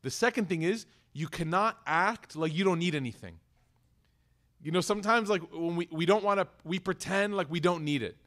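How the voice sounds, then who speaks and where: A man in his young adulthood giving a religious talk, his voice sitting a bit high for a man. He speaks conversationally and slips into short acted dialogues as he tells stories. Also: moderate pace, fairly bright tone. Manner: conversational, acts out dialogues in storytelling. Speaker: Islamic teacher.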